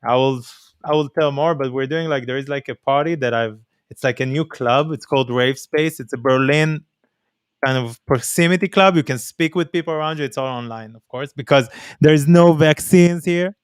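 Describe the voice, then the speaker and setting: A man's voice: medium pitch, normal speed, clear, resonant tone, no room sound, clean studio sound. A man hosting a livestream in casual chat, rambling and playful, speaking English with a mixed non-native accent. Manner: rambling, playful, drifts between topics. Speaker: DJ and stream host. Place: streaming room. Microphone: streaming mic.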